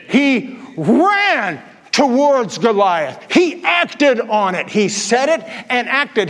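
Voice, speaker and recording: Brief: male pastor, high voice, chatty sermon, long hall reverb. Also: fairly bright tone. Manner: conversational, asks the congregation questions.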